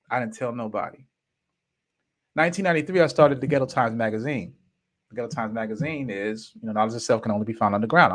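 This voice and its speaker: A man in his fifties tells a personal story on his podcast, animated and emphatic. His pitch sits in a plain middle range. He speaks in casual slang, pressing hard on key words. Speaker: podcast host.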